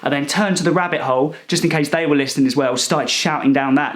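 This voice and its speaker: A young man telling a rambling, self-righteous comic story in a deadpan, indignant manner. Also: fairly high pitch, quick pace, hardly any pauses. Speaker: comedic character monologue performer.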